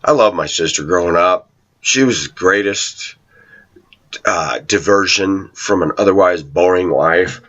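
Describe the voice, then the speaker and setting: A man's voice: sits low, measured pace, fairly bright tone, lo-fi sound. A middle-aged man giving a casual preaching monologue, telling stories, asking rhetorical questions and laughing often. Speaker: online Christian commentator.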